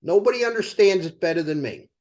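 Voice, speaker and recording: A man's voice: high voice, fast. An older man, a company co-founder, telling motivational sales stories to a team and firing rhetorical questions at them. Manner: animated storyteller asking the audience rhetorical questions.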